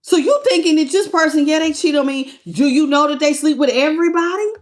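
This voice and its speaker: A woman's voice: high voice, fairly quick. A woman giving a live tarot reading, talking bluntly and sassily and calling her viewers baby and honey. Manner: greets live chat viewers by name. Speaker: tarot reader.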